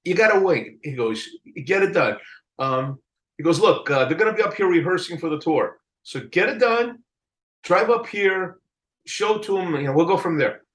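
An older man telling a story in a casual interview, animated, acting out the people he quotes and laughing often. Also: a little high, normal speed, rough recording. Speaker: album cover artist telling a story.

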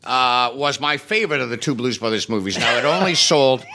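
Male interview guest, bright and forward tone, anecdotal and deadpan-funny. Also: medium pitch, brisk, a little hiss or hum. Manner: wry, self-deprecating comic timing.

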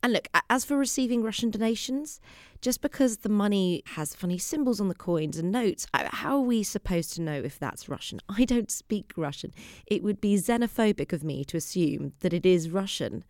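A woman's voice: mid-range voice, expressive, normal speed, darkish tone, dry recording, studio quality, close to an everyday voice. A woman playing an evasive Conservative backbench MP in a comedy sketch, talking in earnest political spin.

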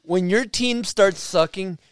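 A man from Massachusetts hosts a casual podcast, his voice a touch high and smooth. He swears freely and tells stories with gusto. The sound is close and dry. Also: slow pace, dry recording. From Massachusetts, USA. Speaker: podcast host.

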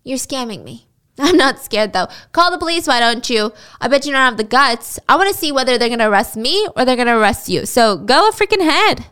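A woman's voice: high-pitched, animated, brisk, a bit bright, smooth. A woman voicing a defiant man who taunts his scammers. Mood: taunting. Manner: taunting, indignant. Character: defiant cocky man, mocking and bold.

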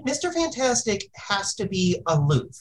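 A woman on a casual podcast chat who gives strong opinions in an animated way, repeating words when she gets worked up. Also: medium pitch, a little slow, a little hiss or hum, poor audio. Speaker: podcast panelist.

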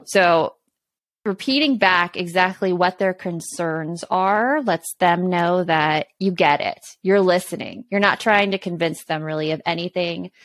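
A woman's voice: fairly low pitch, unhurried, no room sound. A woman co-hosting a casual parenting chat, earnestly explaining tips and laughing easily. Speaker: podcast co-host.

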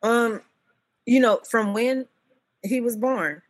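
A woman in her fifties telling stories as an interview guest, animated and often laughing. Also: fairly high pitch, slow pace. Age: 50s. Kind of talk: casual interview chat.

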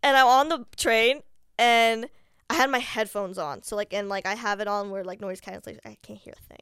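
A woman's voice: a little high, brisk, clear, resonant tone, dry recording. Young woman, "like" in every phrase. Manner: fills every phrase with "like", animated anecdotes. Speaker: podcast guest. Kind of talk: casual storytelling chat.

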